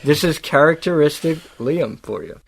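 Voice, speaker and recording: A man's voice: fairly high pitch, animated, moderate pace, creaky, a crowd in the background. A man co-hosting a podcast in casual chat, laid-back and agreeable with brief remarks. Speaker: podcast co-host.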